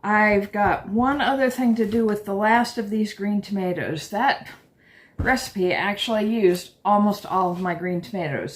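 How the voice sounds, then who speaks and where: A woman's voice: medium pitch, fairly bright tone, rough recording. A woman vlogging from her home kitchen, chatting casually and poking fun at herself as she explains a kitchen project. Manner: chatty and self-deprecating. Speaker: homesteading vlogger. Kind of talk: casual vlog narration.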